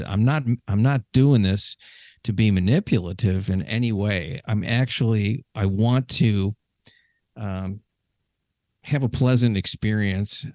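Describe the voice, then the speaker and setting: A man's voice: fairly low pitch, darkish tone, no room sound, studio quality. A man hosting a podcast in casual conversation, talking in a chatty, rambling way with frequent restarts. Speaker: podcast host.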